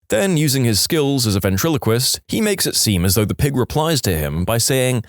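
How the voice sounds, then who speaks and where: A man narrating jokes on a podcast in a wry, animated storytelling manner. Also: mid-range voice, a little fast, few pauses, no room sound, clean studio sound. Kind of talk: reading jokes aloud.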